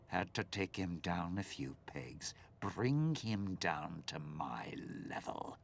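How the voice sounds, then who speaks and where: A man's voice: slight background noise, heavily acted. An actor voicing a bitter, scheming older man in a video game, speaking in a menacing drawl. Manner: low gravelly menacing drawl.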